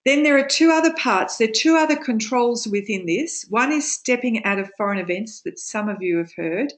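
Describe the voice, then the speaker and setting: A woman teaching a study group in a webinar, explaining steps slowly with frequent ums. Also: a little high, animated. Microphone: webinar microphone.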